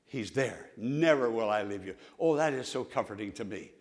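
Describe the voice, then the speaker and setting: A man's voice: on the low side, lively intonation, normal speed, hardly any pauses. A man preaching a sermon in a church, with emphatic repetition and call-and-response. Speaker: pastor. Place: church sanctuary.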